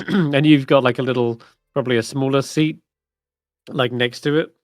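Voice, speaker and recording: A man's voice: medium pitch, steady tone, moderate pace, no room sound. A man narrating a tabletop game as dungeon master in a casual, laughing way.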